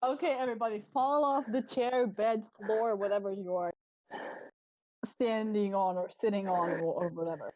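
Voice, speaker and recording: Young woman, mellow voice, dry lo-fi. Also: mid-range voice, moderate pace, dry recording. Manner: playful, leading the group. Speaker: streamer. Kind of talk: casual chat. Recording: dry, lo-fi mic audio.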